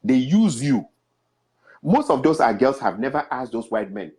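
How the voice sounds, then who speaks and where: Animated and mid-range, this man's voice is a little mellow and slightly rough, moving at a moderate pace. He preaches urgently to African men about changing, mimicking others' quotes as he tells his story.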